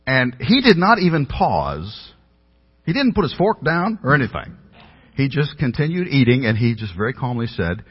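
Husky-voiced pastor preaching in a hall. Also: male voice, mid-range voice, very animated, normal speed. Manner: earnest, self-deprecating storytelling. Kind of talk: sermon. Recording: dull audio with long hall reverb.

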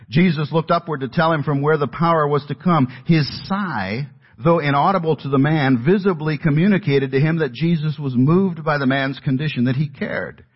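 A pastor preaching an expository sermon in a husky, mid-pitched man's voice. He talks earnestly and lifts his voice on questions. The recording is dull and lo-fi. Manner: earnest, rising with emphasis on questions.

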